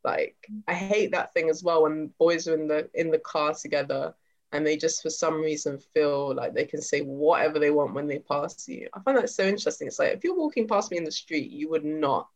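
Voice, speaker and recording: A woman's voice: low-pitched, brisk, a little mellow. A young woman telling a story in casual chat, acting out other people's voices. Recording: slightly dull lo-fi sound.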